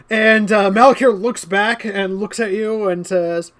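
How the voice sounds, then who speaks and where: A game master narrating a tabletop game in a relaxed way, often breaking into laughter. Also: medium pitch, moderate pace, few pauses.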